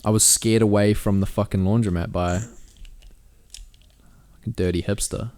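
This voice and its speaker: Aussie dude, low voice, telling dirty stories, cussing nonstop. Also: male voice, fairly even intonation, moderate pace. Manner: swears a lot, acts out quotes in a high shouty voice. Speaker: podcast co-host. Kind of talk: crude casual storytelling.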